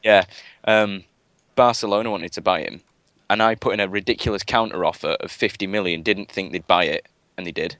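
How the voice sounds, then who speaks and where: A man's voice: low-pitched, fairly quick, fairly bright tone, no room sound. A man chatting casually on a gaming live stream, rambling with lots of fillers and restarts. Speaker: guest gamer.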